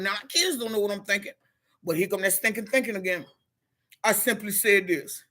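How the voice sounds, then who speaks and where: Speaking at a moderate pace in a mid-range, slightly bright voice, this middle-aged woman, a motivational speaker, gives an emotional testimony on a live stream. She talks straight to her viewers, heartfelt and somewhat preachy.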